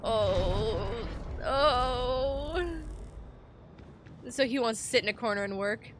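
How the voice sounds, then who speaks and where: Bright-voiced, animated woman streamer. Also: mid-range voice, slow, pauses often, slight background noise. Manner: animated, swears freely, jokes and reacts loudly. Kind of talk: live game commentary and reading game text aloud.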